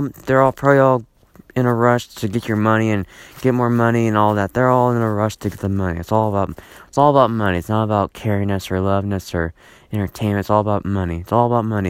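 A man's voice: fairly low pitch, clean tone, dry recording. A man hosting a solo podcast from home, rambling and exasperated, repeating himself with lots of fillers and restarts. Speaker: podcast host.

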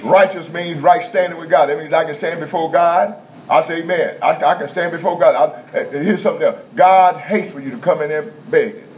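A male preacher delivers a folksy sermon, circling back on his phrases before rising to emphatic bursts. His voice sits a little high for a man. The recording is dull and lo-fi, with faint room ambience behind him. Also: brisk, darkish tone, slight background noise. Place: prison chapel.

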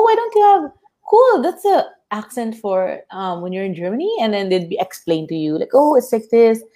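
A woman from the Philippines speaks in a casual panel talk. Her mid-pitched voice turns animated as she acts out what other people say. She talks with plenty of fillers and restarts.

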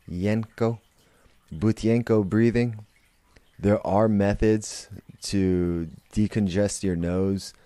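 A man's voice: low voice, warm tone, dry recording. A man hosting a podcast, talking in a blunt, profane, rambling monologue full of restarts. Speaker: podcast host. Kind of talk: casual monologue.

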